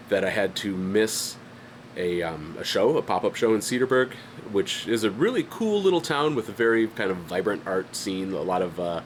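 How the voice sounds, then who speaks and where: Low-voiced man rambling through a stuffy cold. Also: a little hiss or hum. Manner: rambling, self-deprecating, frequent fillers and restarts. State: stuffy head with a light cough. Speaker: independent artist and channel host. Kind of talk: casual vlog update. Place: home studio.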